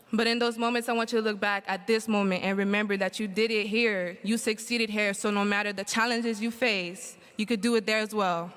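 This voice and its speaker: Young woman, smooth clear voice, emotional graduation speech, long hall reverb. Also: mid-range voice, fairly bright tone. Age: young adult. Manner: emotional, holding back tears. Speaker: graduating student speaker.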